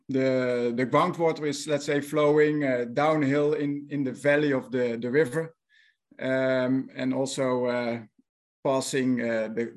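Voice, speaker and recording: Middle-aged Dutch-accented man, company director guest, halting and hesitant explanations. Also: mid-range voice. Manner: halting, many uh fillers, technical explaining. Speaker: guest, managing director of a remediation firm. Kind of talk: interview answers.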